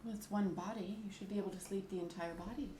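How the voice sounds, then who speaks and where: A woman's voice: medium pitch, fairly even intonation, fast, warm tone, reverberant, a little hiss or hum. A woman playing in a tabletop roleplaying game, explaining her spells and correcting rules. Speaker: player.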